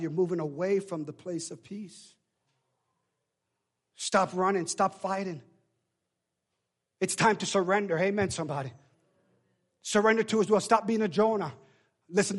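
A man preaching a sermon as pastor, swinging between shouted pleas and hushed, drawn-out lines with a call-and-response cadence. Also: sits high. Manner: shifts between shouting and hushed near-whispers.

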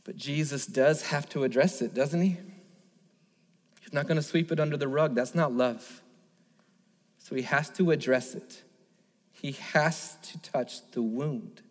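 A man's voice: fairly high pitch, measured pace, long pauses. A man in his thirties, a pastor preaching an earnest sermon, telling a personal story and building to emphatic repeated lines. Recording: long reverb of a large hall.

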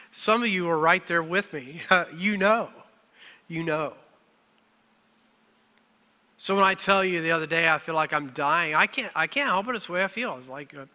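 Male pastor, middle-aged, sermon, high voice, fighting tears, self-deprecating, reverberant church hall. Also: bright, forceful tone. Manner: emotional, self-deprecating, often laughing through tears. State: on the verge of tears. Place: church sanctuary.

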